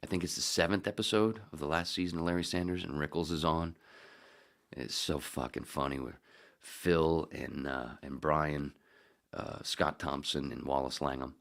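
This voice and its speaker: A man with a deep, low-pitched voice hosts his own podcast, chatting loosely from topic to topic. He swears often and drifts into quiet muttered asides. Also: steady tone, normal speed, gravelly. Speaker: podcast host. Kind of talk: casual solo podcast chat.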